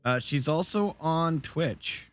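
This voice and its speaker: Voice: mid-range voice, animated, slow, no echo. A laid-back stream co-host chatting and joking casually while a game is played. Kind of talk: casual chat while gaming.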